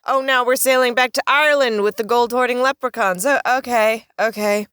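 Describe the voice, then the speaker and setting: A woman hosting a comedic video essay, narrating in an exasperated, sardonic way with rapid-fire questions. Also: a little high, fairly bright tone, smooth, no room sound, clean studio sound.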